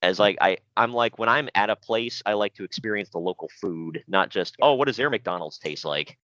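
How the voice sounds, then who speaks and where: A man's voice: on the low side, brisk, a bit bright, dry recording. A man hosting a podcast, rambling through stories about friends with frequent laughs and impressions. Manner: rambling storyteller, laughs often, mimics friends. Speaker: podcast host. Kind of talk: casual chat. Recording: dry, muffled podcast audio.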